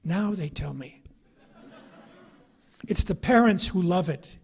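A man's voice: high-pitched, lively intonation, takes it slowly, creaky, a little mellow, breathy edge. A middle-aged man, an author giving an anecdotal public lecture, telling his stories with a wry, ironic edge.

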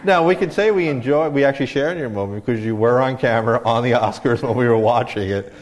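A man moderating a live onstage interview, briskly moving on to audience questions. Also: mid-range voice.

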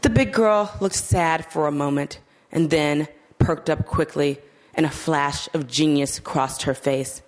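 A woman narrating a literary short story in a measured, steady audiobook reading. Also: sits low.

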